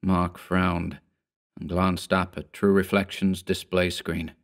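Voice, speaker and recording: A man with a fairly low voice reads a horror story aloud. His delivery is measured and steady, the pace of scripted audiobook narration.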